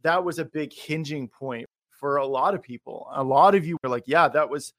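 A young man hosting a faith interview, talking in an energetic, encouraging, rambling way with many fillers. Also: on the high side, moderate pace, no echo, clean studio sound. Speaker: podcast host. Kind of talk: animated faith interview chat.

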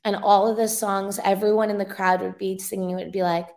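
A young revivalist minister, interviewed as a guest, talks through an earnest, emotional testimony in a loose, conversational manner. Her voice is gravelly, slightly fried and darkish, in an ordinary middle pitch with little movement. She speaks fairly quickly with few pauses.

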